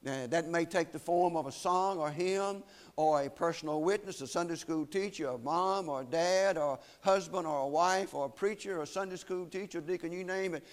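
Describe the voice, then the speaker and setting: Solemn emphatic male preacher. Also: a little high. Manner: solemn, emphatic preaching with slowed, weighty phrases. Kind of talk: sermon.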